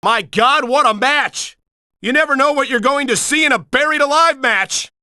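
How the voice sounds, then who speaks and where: A middle-aged man calling play-by-play for a wrestling video game, earnest and excitable, a bit prim and scolding. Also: very high-pitched, normal speed, clean tone, no echo, clean studio sound. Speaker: play-by-play commentator.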